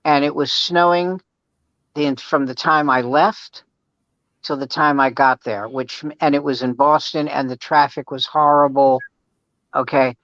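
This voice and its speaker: An older man, a comedian, telling a story in a loose, profane, animated way during a casual chat. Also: fairly high pitch, measured pace, no echo. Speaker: comedian guest. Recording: dull, dry sound.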